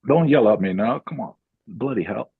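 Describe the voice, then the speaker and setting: A man's voice: medium pitch, expressive, normal speed, creaky, slightly rough, no echo, narrow, tinny audio. A man speaking from a hotel room over a remote call, asking the show's question in a teasing, jokey way.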